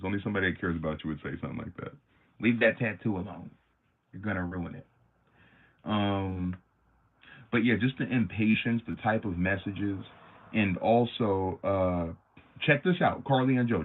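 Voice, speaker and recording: Brief: lower-pitched male streamer, slangy and animated, tinny phone-like audio. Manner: animated, slangy, many fillers. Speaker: livestream host. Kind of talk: casual livestream storytelling.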